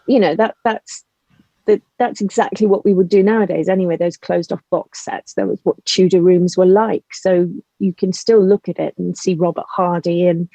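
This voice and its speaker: Animated woman, soft Liverpool accent. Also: lowish voice, moderate pace, no room sound, lo-fi sound. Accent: toned-down Liverpool. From Liverpool, England. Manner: animated, laughing, trailing asides. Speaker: guest, writer and actor. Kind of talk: casual interview chat.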